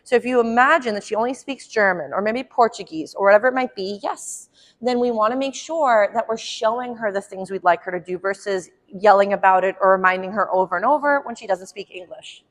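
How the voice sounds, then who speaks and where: A woman dog trainer explaining puppy training in a friendly way at home, with frequent ums and quick asides to the puppy. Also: mid-range voice. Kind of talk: instructional dog-training demo.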